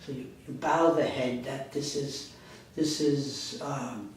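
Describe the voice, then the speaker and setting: A man's voice: medium pitch, fairly even intonation, slow, a little hiss or hum. A man giving a university lecture in a rambling, conversational way, correcting himself often. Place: classroom. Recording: echoey classroom, speaker far from mic.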